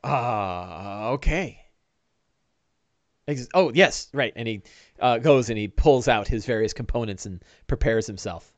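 A middle-aged man acting as dungeon master, laying out scenes in a loose, easygoing way that keeps stopping on "uh" and starting over. His voice sits in an ordinary middle pitch, and the recording is dry and close, with no room sound. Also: unhurried, no room sound. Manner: relaxed, full of fillers and restarts, voices figures briefly. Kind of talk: narrating a one-on-one tabletop game.

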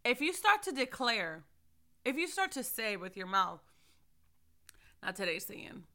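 Fervent high-voiced woman preaching. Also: sing-song, moderate pace. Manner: fervent preaching, shouting praise. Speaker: ministry leader. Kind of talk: sermon.

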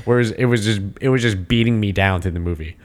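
A man in a casual film chat, rambling in an animated and exasperated way. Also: fairly low pitch, quick pace.

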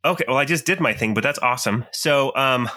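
A man playing in a tabletop game, describing his character's actions deliberately with many ums. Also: mid-range voice, sharp tone. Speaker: player. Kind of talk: casual tabletop game play.

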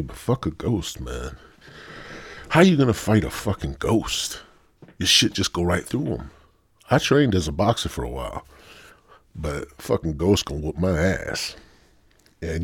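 Low-voiced, husky man hosting a solo podcast: loose, profane, stoned monologue with an animated delivery and a sore throat. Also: no room sound. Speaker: podcast host. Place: home studio.

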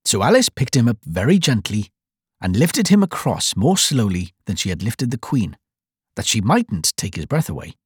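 An audiobook narrator reads a classic children's tale with wildly varied pitch and a husky, breathy tone. The recording is dry and close. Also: sing-song, moderate pace, no echo. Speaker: volunteer audiobook reader.

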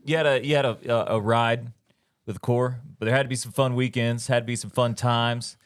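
A man's voice: medium pitch, fairly even intonation, fairly quick, no echo, clean studio sound. A man co-hosting a podcast, prodding the guest with joking questions in casual chat.

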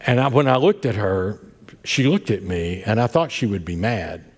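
Animated husky-voiced male preacher, reverberant hall. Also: lowish voice, moderate pace. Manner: animated storytelling with self-deprecating humor. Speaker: pastor. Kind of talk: sermon.

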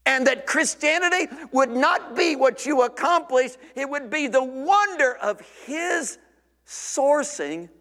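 High-voiced preacher in a church. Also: male voice, slow pace, long reverb tail. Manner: animated, acts out listeners, shouts for emphasis. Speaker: pastor. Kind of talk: sermon.

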